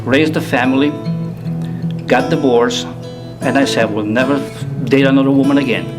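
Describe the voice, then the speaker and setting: A man's voice: mid-range voice, fairly even intonation, normal speed. A man from Italy telling plainly the story of his life and marriage. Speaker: interviewee. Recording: music behind.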